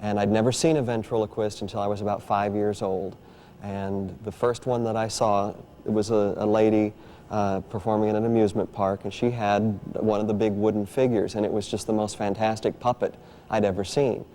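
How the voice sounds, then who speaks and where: A man's voice: on the low side, little pitch movement, brisk, dark tone, a little hiss or hum. A man, a ventriloquist, talking thoughtfully in a documentary interview with many restarts.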